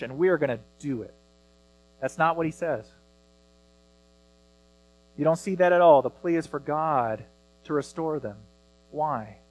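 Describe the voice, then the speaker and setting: A man in his thirties preaching a sermon as pastor, earnest, rising loud when he reads scripture. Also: fairly high pitch, poor audio.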